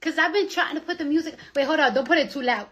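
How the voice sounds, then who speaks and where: High, bright-voiced woman ranting on a livestream. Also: fast, muffled recording. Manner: profane, animated complaining. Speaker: livestream host. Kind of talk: casual livestream chat.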